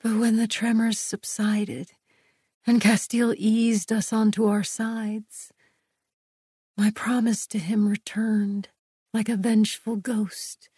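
Slow husky woman narrating romance. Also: a little high, level tone, dry recording, clean studio sound. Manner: soft, breathy, intimate. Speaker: audiobook narrator. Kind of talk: first-person romance audiobook narration.

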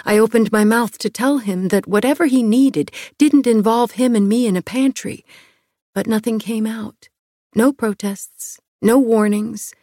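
Unhurried woman narrating a romance. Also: a little high, dark tone, no echo, clean studio sound. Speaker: audiobook narrator. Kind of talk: first-person romance narration.

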